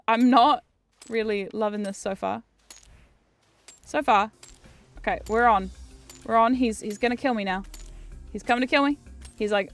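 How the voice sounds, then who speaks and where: A woman giving casual game commentary as a streamer. She gets excitable, swears often and jumps into squeals. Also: on the high side. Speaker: VTuber streamer.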